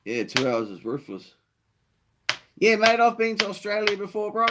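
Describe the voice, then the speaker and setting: A man's voice: high voice, sing-song, moderate pace, background noise. A man with a New Zealand accent hosting a casual live stream, laid-back, swearing freely and answering viewer comments.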